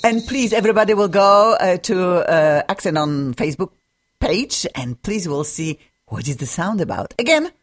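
Lady radio host, low voice that swings all over, gushy and laughy, in the studio. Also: very animated, moderate pace. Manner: effusive, gushing, laughs often. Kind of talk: lively radio talk show chat.

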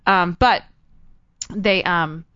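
Animated woman telling a story. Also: lowish voice, very slow, smooth, no echo, highs cut off. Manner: animated storyteller acting out quotes. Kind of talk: casual chat.

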